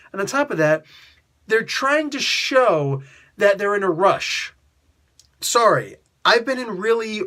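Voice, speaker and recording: Animated man ranting in a review. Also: high voice. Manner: animated, exasperated ranting with mock outbursts; heavy use of filler "like" and "you know". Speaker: comic book reviewer. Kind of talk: casual spoken review.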